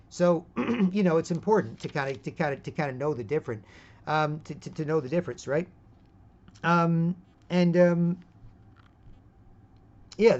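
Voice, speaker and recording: A man delivering a rambling vlog monologue, his voice sitting a bit high for a man. He keeps tacking on 'right?' and trips over restarts. The recording is dull and lo-fi. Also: a little mellow. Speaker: vlogger.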